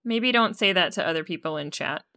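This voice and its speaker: A woman's voice: on the low side, animated, brisk, pushed and bright. A young woman streamer giving casual, joking gameplay commentary, swearing freely and talking to her chat.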